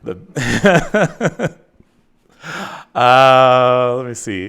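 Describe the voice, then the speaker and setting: A middle-aged man hosting a casual livestream, talking straight to his viewers. His pitch swings widely as he rambles, restarts his sentences and teases himself. His voice sits in a mid range. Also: measured pace. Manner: animated, rambling, self-mocking, with frequent restarts. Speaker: host.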